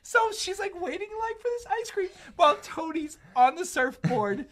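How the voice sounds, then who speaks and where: A woman podcast host telling a story in casual chat, animated, laughing, and acting out her friends' lines. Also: extremely high pitch, moderate pace.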